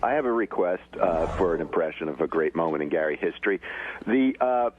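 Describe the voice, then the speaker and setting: A man's voice: sits low, expressive, a little fast, narrow, tinny audio, a little hiss or hum. A man on staff at a radio show, making wry, joking requests and remarks.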